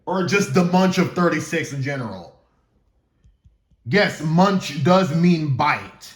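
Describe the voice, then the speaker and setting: A man's voice: a little high, lively intonation, takes it slowly, echoey room. A man casually explaining the story of his own fan game series, rambling and stumbling without a script, joking to himself. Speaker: gaming YouTuber.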